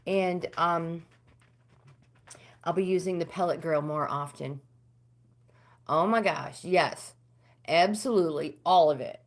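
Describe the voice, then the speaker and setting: Middle-aged American woman, livestream host, low-pitched, casual chatter with viewers. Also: slow, pauses often. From United States. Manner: chatty, talks back to comments, pitch swings up when animated.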